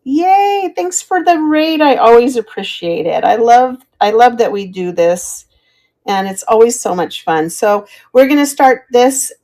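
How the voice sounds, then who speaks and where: Her voice is on the high side with a darkish tone, expressive and unhurried. She's a middle-aged woman selling vintage items in live-stream selling chat, thanking viewers by name.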